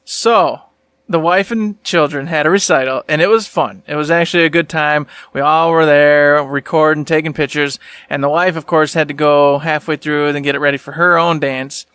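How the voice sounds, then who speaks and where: A man's voice: fairly high pitch, fairly even intonation, moderate pace, a bit bright, clean tone, no room sound. A middle-aged man co-hosting a podcast, telling an easygoing, jokey story in casual chat. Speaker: podcast co-host.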